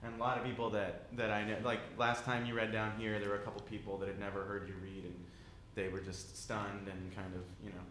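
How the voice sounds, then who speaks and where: A man's voice: lowish voice, flat delivery, fairly quick, few pauses, a bit bright, reverberant, slight background noise. A man interviewing a poet, asking questions in a rambling way while searching for words.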